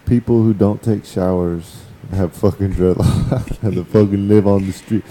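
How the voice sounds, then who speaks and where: A man's voice: deep voice, steady tone, normal speed, warm tone, low-quality recording. A man co-hosting a podcast, chatting loosely and joking with plenty of swearing. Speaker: podcast co-host. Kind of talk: casual chat.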